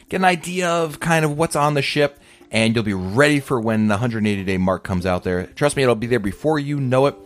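A man hosting a podcast, reading listener emails and answering them in an upbeat, chatty way. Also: on the low side. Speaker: podcast host.

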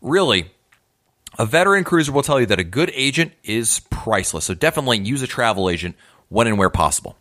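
A man's voice: mid-range voice, expressive, fast talker, a bit bright. A man hosting a podcast, giving tips in a casual, conversational way with emphatic asides. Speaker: podcast host.

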